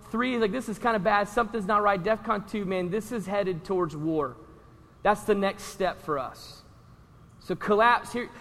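Man, pastor, sermon, high bright voice, conversational, long hall reverb. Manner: animated, conversational preaching with asides to the congregation.

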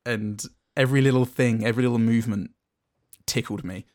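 A man's voice: mid-range voice, fairly even intonation, fairly quick, a little mellow, no room sound. A man co-hosting a podcast, reviewing a movie in a casual, rambling and dryly amused way. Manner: rambling, dry, self-amused. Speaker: podcast co-host.

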